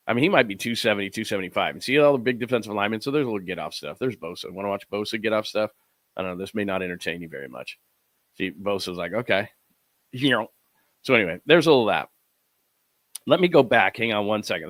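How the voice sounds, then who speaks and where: Bright-voiced man hosting sports talk. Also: lowish voice, lively intonation, quick pace, no echo. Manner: rambling, fumbling with clips, mimics players and coaches. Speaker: sports show host. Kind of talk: casual live-stream commentary over video clips.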